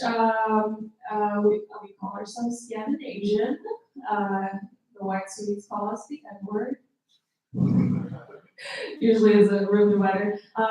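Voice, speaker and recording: A woman doing a stand-up set on a club stage, deadpan and self-deprecating, with hesitant ums. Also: fairly high pitch. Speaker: stand-up comedian. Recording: roomy club echo, distant mic.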